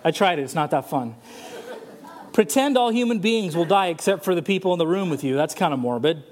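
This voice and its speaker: A man's voice: on the high side, expressive, fairly quick, darkish tone. A male pastor preaching a sermon in a church, mixing storytelling and humor. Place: church sanctuary.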